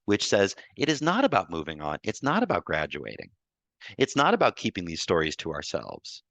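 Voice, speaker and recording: Low-voiced man telling a tearful story. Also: fairly bright tone, no room sound. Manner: emotional, halting with repeated restarts. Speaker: guest speaker on grief. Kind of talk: personal storytelling in a group talk. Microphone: video call.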